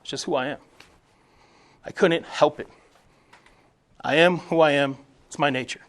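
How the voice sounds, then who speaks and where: A remorseless scorpion from a spoken fable speaks in a low, hushed, flat tone, resigned to its own nature, as a man acts him out. The voice sinks far below the storyteller's usual pitch and nearly fades to a murmur. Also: normal speed, lightly acted.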